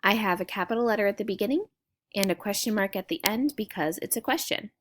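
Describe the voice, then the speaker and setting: A woman teacher explaining a grammar lesson to young students in a clear, patient way. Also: medium pitch, quick pace, slight background noise.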